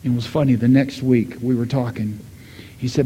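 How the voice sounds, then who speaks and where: A middle-aged man preaching a sermon, telling a story and voicing the people in it, swinging from loud to hushed. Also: mid-range voice, moderate pace, pauses often, a little hiss or hum. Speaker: pastor.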